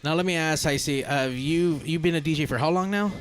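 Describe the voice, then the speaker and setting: Swearing, joking podcast host. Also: male voice, fairly high pitch, brisk, soft background music. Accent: Southern Californian. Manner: swears freely, loose and joking. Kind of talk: casual chat.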